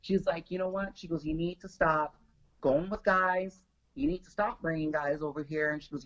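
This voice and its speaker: Middle-aged woman, low-pitched chatty storyteller, lo-fi call audio. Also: steady tone, normal speed. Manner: chatty, retells a friend's words with many "she goes". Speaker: guest. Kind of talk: casual storytelling on a video call.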